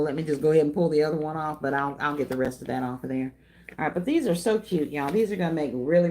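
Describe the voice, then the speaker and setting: A woman's voice: sits low, a little mellow, slight background noise. A middle-aged woman, chatting casually on a craft livestream, reading viewer comments and calling them y'all and darling. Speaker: craft channel host.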